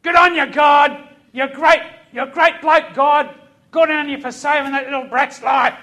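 A man putting on a rough male biker with an Australian accent, yelling praise loudly from the roadside. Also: very high voice, fairly even intonation, moderate pace, voice pushed up, full character voice. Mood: rowdy. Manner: loud, rowdy shouting.

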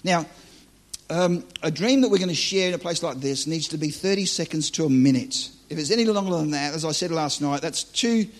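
A man's voice: fairly high pitch, brisk. A man preaching live to a church audience, teaching on dreams in a joking, conversational, self-deprecating way.

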